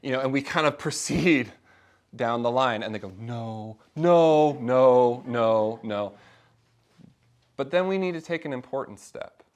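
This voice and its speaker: A man's voice: medium pitch, fairly quick. A middle-aged man leading a faith discussion class, talking informally to a small group and acting out the people he quotes. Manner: conversational, animated, acts out quoted voices.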